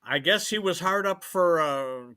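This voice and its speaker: A man's voice: on the high side, lively intonation, measured pace, pushed and bright, clear, resonant tone. A man guest telling a story in a casual interview, with wry, self-deprecating humor. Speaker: guest, holiday co-creator.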